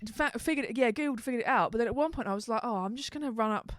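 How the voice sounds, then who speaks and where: Woman co-host, casual gamer chat, giggly and sweary, slightly high voice, dry close sound. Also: racing, dry recording. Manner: giggly, swears freely, acts out game lines. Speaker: podcast co-host.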